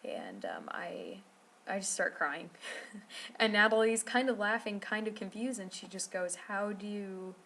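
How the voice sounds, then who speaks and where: A woman's voice: medium pitch, sing-song, unhurried, gravelly, a bit bright. A woman telling a rambling travel story to camera, full of fillers and restarts. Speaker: vlogger.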